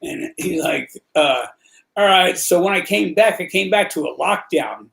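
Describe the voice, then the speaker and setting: A man hosting his own stream rambles through prison stories, swearing freely and packing his talk with street slang and fillers. His voice has a gravelly, fried texture. It also sits a little higher than most men's. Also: lively intonation, normal speed, fairly bright tone. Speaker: vlog host telling prison stories. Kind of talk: rambling live-stream storytelling.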